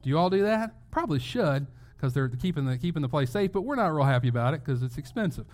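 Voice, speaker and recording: A man's voice: on the high side, animated, quick pace, darkish tone. A male pastor giving a sermon in a conversational way, asking rhetorical questions and restarting phrases as he goes.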